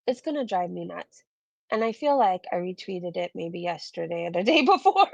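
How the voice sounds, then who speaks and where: A woman's voice: fairly low pitch, very animated, normal speed, gravelly, dry recording, dull audio. A woman doing casual live-stream commentary, chatting and reading viewer comments aloud with blunt, swearing asides.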